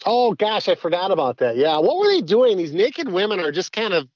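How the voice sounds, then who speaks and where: A man's voice: sits high, very animated, brisk, no echo, muffled recording. A man chatting as a podcast guest, rambling with many restarts. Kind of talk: casual podcast chat.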